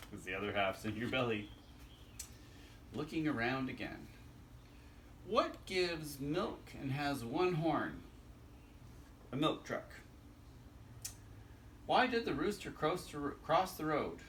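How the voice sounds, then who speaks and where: A man's voice: medium pitch, expressive, takes it slowly, long pauses, a bit bright, far from the mic, slight background noise. A man reading a children's joke book aloud, chuckling at his own jokes.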